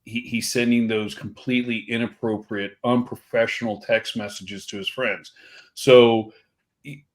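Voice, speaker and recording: Skeptical low-voiced older man. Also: steady tone. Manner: measured, skeptical. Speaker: retired FBI agent, podcast guest. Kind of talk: casual interview answers.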